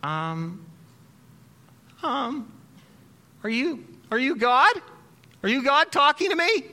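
A man's voice: very high voice, huge pitch swings, slow pace, vocal fry, pushed and bright, in a large hall, voice pushed up, full character voice. A man voicing a terrified hiker clinging to a cliff, crying out and pleading frantically. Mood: desperate pleading.

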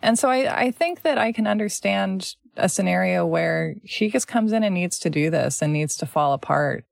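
Low, gravelly-voiced woman host. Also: lively intonation, dry recording, studio quality. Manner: thoughtful, measured, with fillers. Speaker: podcast host. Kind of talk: casual chat, reading from a book.

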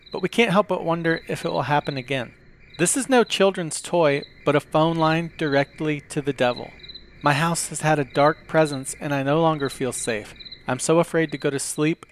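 Upbeat podcast host, fairly high. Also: male voice, slight background noise. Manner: reads listener reviews aloud with dry humor. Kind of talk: comedic podcast hosting.

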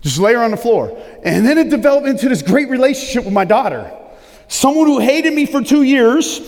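A middle-aged man preaching a sermon as pastor, with a loud, booming, emphatic delivery. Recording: long reverb of a large hall.

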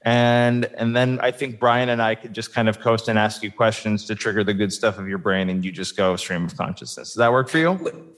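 A man's voice: fairly low pitch, steady tone, a little fast, fairly bright tone. A man co-hosting a podcast, telling stories with animation and laughing often in casual chat. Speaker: podcast co-host.

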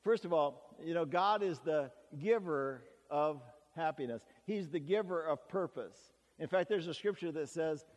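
A man with a somewhat high voice preaches a sermon. He is earnest and measured, pausing often as he reads scripture and explains it. His voice carries a long reverb, as if in a large hall. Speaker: pastor.

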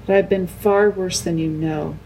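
A woman voicing a kind little girl queen who speaks in a gentle, earnest way. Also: lowish voice, steady tone, normal speed, a little hiss or hum, close to an everyday voice, rough recording.

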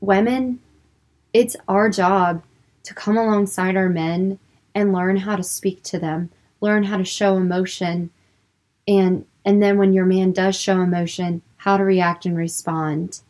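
A woman's voice: medium pitch, steady tone, measured pace, a little mellow. A young woman speaking earnestly about faith and emotions in a personal, unscripted way, with lots of filler words. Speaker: Christian speaker.

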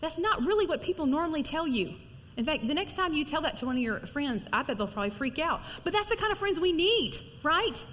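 A middle-aged woman preaching to women in a lively, conversational sermon, acting out little stories as she goes. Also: high voice, fairly quick, big-room sound. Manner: lively, animated storytelling with acted-out quotes. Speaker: women's ministry speaker.

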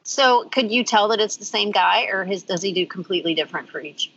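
A woman in casual chat, telling animated stories and laughing as she talks. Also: mid-range voice, brisk, slightly rough. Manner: animated storyteller, laughs mid-sentence. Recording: slightly dull lo-fi recording.

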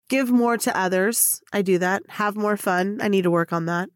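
A woman hosting a solo podcast in a casual, animated way, laughing, swearing freely and talking to herself. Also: medium pitch, normal speed, dry recording, clean studio sound. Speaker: podcast host.

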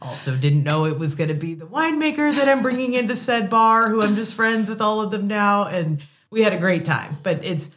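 A woman in her late thirties telling a work story as an interview guest, animated with quick asides and laughs. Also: mid-range voice. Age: late 30s. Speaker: wine sales guest. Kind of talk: casual storytelling.

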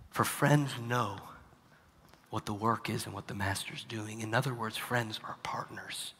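A male pastor preaching a sermon, dropping to hushed, near-whispered lines and then rising to loud, emphatic preaching. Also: on the low side, creaky, big-room sound.

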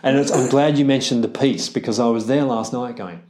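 A man's voice: medium pitch, brisk, warm tone. A man hosting a podcast interview, talking loosely with lots of fillers and restarts. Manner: rambling, filler-heavy, many restarts. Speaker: podcast host. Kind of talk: casual interview chat.

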